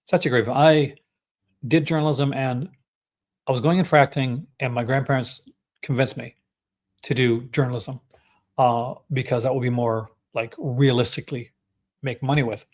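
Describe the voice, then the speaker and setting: A man's voice: medium pitch, steady tone, moderate pace, pauses often. Young Canadian man, Canadian accent, mid-range voice, enthusiastic, rambling livestream host. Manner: chatty, enthusiastic, with many fillers and restarts. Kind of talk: casual livestream chat.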